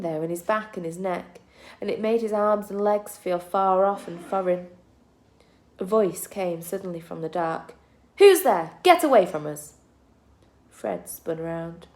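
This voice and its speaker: Woman teacher reading to her class, warm mellow tone, steady storytelling. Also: mid-range voice. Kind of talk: reading a children's book aloud.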